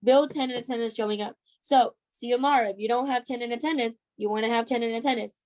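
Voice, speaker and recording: A woman's voice: a little high, fairly even intonation, quick pace, darkish tone, rough recording. Emphatic young woman coaching her team. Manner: emphatic, coaxing, keeps asking "right?". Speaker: team leader and sales trainer. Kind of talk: motivational team training talk.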